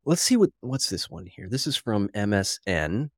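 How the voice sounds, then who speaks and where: A male podcast host giving solo commentary, reading headlines aloud with wry, animated disbelief and sounding slightly out of breath from caffeine. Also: fairly low pitch, normal speed, no room sound, studio quality.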